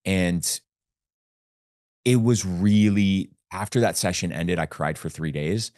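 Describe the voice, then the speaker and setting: Low-voiced guy on a podcast, earnest, keeps quoting what people said to him, dry close sound. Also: slow pace, a little mellow, dry recording. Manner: retells conversations in quoted dialogue, intense and earnest. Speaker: podcast guest. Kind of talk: earnest personal storytelling.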